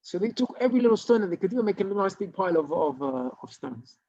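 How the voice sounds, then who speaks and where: A man's voice: sits high, sing-song, fast, mellow. A man, a rabbi, telling a story in an informal Torah class, with many restarts and Hebrew terms. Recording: dull lo-fi recording.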